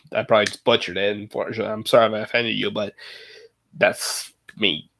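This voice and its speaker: A man livestreaming, chatting casually with viewers in a halting way, full of fillers and self-corrections. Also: on the low side, fairly even intonation, gravelly, fairly bright tone, a little hiss or hum. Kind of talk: casual live chat.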